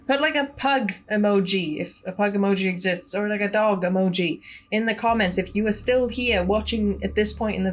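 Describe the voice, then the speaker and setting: A young woman gaming YouTuber chatting with her viewers and reading a story game's narration aloud. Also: medium pitch. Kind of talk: let's play narration and chat.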